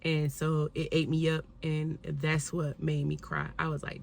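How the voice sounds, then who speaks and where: A woman's voice: deep voice, completely flat delivery, measured pace, vocal fry, hardly any pauses. A young woman telling a personal story to her viewers in a candid, conversational way, often speaking to them directly as y'all. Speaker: vlogger.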